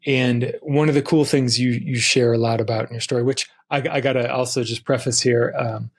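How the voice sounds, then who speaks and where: Podcast host dude, husky voice with some fry, laid-back curious questions. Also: male voice, mid-range voice, a little fast. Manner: curious, relaxed questioning with fillers. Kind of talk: casual interview.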